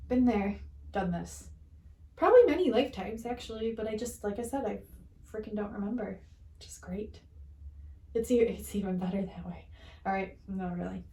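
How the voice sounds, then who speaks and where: A woman's voice: medium pitch, moderate pace, pauses often, warm tone. A tired woman reading channeled messages, chatting to her viewers in a rambling, giggly, self-mocking way. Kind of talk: casual rambling chat to viewers. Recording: roomy echo, distant from mic.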